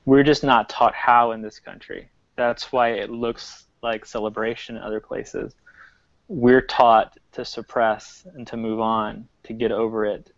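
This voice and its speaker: A man's voice: medium pitch, dry recording. A man who works as a medium, speaking earnestly and reflectively in a casual group video call. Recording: dull lo-fi video call audio.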